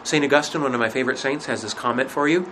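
A man with a mid-range voice leads a religion class as a conversational lecture, posing rhetorical questions and frequently pausing on fillers. Background noise can be heard.

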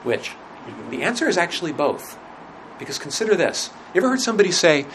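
A man's voice: a little high, very animated, fast, hardly any pauses, fairly bright tone, slight background noise, low-quality recording. Man teaching a casual faith class. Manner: conversational, rhetorical questions, frequent fillers. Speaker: religion teacher.

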